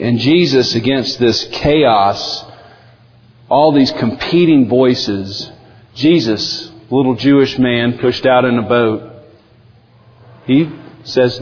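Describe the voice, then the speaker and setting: A male pastor preaching a sermon in an emphatic, animated way. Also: medium pitch, measured pace. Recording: dull lo-fi audio with long hall reverb.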